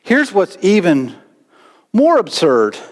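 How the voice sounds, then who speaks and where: Male preacher, higher voice, animated sermon, long church reverb. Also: takes it slowly. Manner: animated preaching with sudden loud outbursts. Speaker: pastor. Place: church sanctuary.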